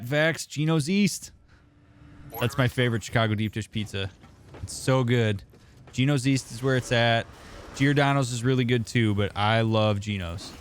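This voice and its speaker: A young man who works as a therapist streams a game, chatting casually and replying to viewers by name as he reads chat. His voice is mid-range, with a little hiss or hum in the background.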